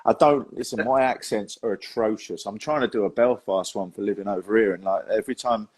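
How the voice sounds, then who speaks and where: A young man hosts a casual podcast chat in a fairly low voice. He tells stories in a loose, chatty way, laughing often and calling his guest "mate". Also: a little fast, a little mellow, husky. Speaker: host and magician.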